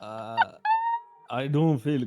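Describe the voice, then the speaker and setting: A man in casual in-character role-play chat, hesitant and soft-spoken. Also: medium pitch, drawn-out words, soft background music.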